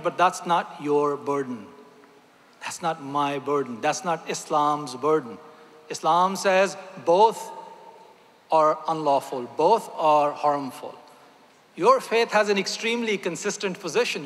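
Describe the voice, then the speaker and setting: A man's voice: a little high, fairly bright tone. A man, a physician, giving a rhetorical, emphatic speech with light jokes to a religious gathering in a large convention hall. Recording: long reverb of a large hall.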